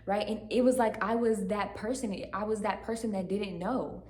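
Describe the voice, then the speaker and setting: A woman's voice: a little high, moderate pace. A woman telling her religious testimony to the camera, earnest and searching, often tagging her sentences with "right?". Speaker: channel host giving testimony. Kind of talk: emotional personal testimony to camera. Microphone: camera facing her. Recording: echoey room.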